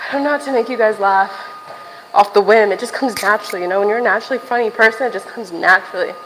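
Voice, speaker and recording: A woman's voice: mid-range voice, quick pace, a bit bright, big-room sound, slight background noise, poor audio. A young woman livestreaming from a gym while walking on a stair machine, chatting casually to viewers, a little out of breath and swearing now and then.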